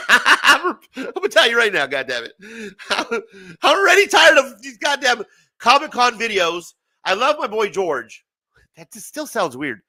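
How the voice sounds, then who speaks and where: A very high male voice delivered at a measured pace belongs to a man in his forties who hosts a comics talk show. It's a casual late-night rant, heavy on swearing, lively, with plenty of laughs.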